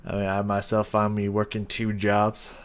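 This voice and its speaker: Man, music reaction host, rambling, casual swearing, slightly low voice. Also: monotone, normal speed. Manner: rambling, loose, with frequent fillers and laughs.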